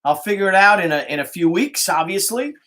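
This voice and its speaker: A middle-aged man with a New York Italian-American accent and a slightly higher voice for a man. He rambles through a casual livestream from his phone, swearing freely and calling out hellos to viewers by name. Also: animated, a little fast, bright, forceful tone. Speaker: comic artist hosting a livestream. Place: indoors, home studio with art supplies.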